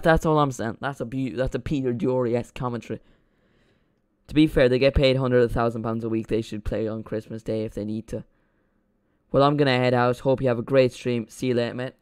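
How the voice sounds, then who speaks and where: Rambling streamer chatting about football. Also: male voice, medium pitch, a little fast, smooth. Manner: rambling, excitable banter with viewers. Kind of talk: live football watch-along chat.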